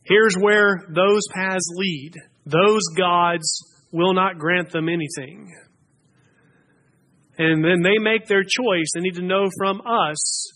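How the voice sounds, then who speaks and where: Guy preaching a sermon, high bright voice, really punches the big lines. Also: steady tone, slow. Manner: emphatic, building rises on key phrases.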